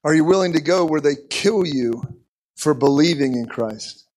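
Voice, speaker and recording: Male preacher, high voice, animated sermon storytelling, repeats words. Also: normal speed. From United States.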